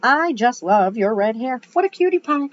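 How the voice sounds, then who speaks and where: A woman's voice: a little high, lively intonation, moderate pace, voice pushed up, close to an everyday voice. A woman voicing a big, doting school cook with a put-on Southern accent, sugary and fond, in a storybook reading on a dull lo-fi recording.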